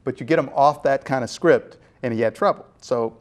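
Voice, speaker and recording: A man in his sixties, a guest telling lively stories about his career and acting out quoted voices as he goes. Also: medium pitch, brisk. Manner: animated storyteller acting out quotes. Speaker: guest, former jai alai PR director. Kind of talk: storytelling in casual chat.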